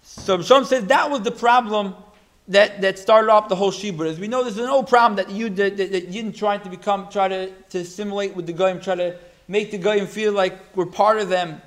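A man giving a religious talk, telling a story in a halting way, with many restarts and repeated words. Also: high-pitched. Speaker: religious teacher.

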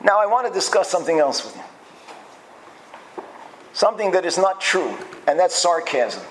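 A man's voice: high voice, very animated, normal speed, a bit bright, a little hiss or hum, low-quality recording. A man giving a lecture-style Torah class, emphatic and repeating phrases as he builds his point. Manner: acts out quoted speech in changed voices. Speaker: Torah teacher.

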